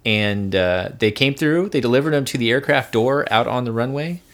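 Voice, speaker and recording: Podcast co-host, male, mid-pitched, loose rambling storyteller, lots of restarts. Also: normal speed. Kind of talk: casual podcast chat.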